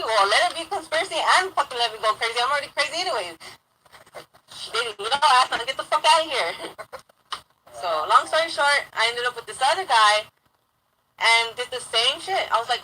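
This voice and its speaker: A woman's voice: high voice, lively intonation, fairly quick, pauses often, bright, forceful tone, a little hiss or hum, rough recording. A young woman telling a rambling personal story in casual talk, swearing heavily and getting heated.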